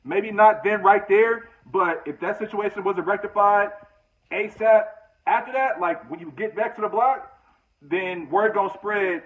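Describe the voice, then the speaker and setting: A man's voice: high-pitched, measured pace. A man casually telling a personal story, conversational and full of restarts. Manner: conversational, many fillers and restarts. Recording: tinny phone-like audio.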